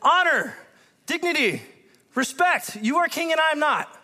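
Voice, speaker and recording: A pastor delivers a sermon in a high, bright male voice. He reads scripture, then breaks in with lively, animated commentary. Now and then he acts out the people in the story. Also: a little slow, big-room sound. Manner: animated, excitable, acts out biblical characters with voice shifts.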